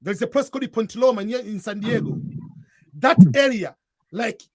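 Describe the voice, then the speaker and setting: A man's voice: extremely high pitch, moderate pace, no room sound. A man from East Africa with an East African accent, giving earnest advice in a casual chat and often repeating and restarting his phrases. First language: Swahili. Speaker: guest giving advice to newcomers.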